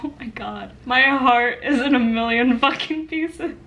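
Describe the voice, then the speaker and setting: A woman's voice: high voice, measured pace, fairly bright tone. A woman book vlogger chatting casually and gushing about what she reads, swearing freely. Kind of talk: casual vlog chat. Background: background music.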